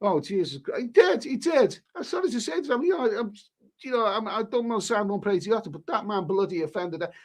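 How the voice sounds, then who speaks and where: Speaking quickly and with great animation, this middle-aged British man has a high-pitched voice. He's a travel vlogger on a livestream, casually going through viewers' messages while he rambles, starts over and lets slip some mild swearing.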